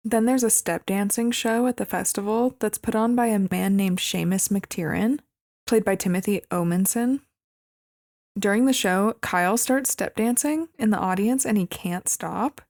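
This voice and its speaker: A woman's voice: mid-range voice, moderate pace, darkish tone. A woman co-hosting a podcast, recapping a movie plot in casual chat with wry, amused comments. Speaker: podcast co-host.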